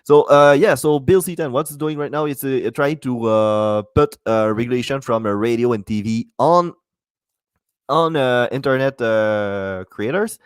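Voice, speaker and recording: A man talks alone into a close podcast mic in a mid-pitched voice, rambling and cursing freely. He stops and restarts his sentences often. The sound is dry, with no room around it. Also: a little slow, clean tone, dry recording. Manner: rambling, profane, many false starts. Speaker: podcast host. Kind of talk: solo podcast monologue.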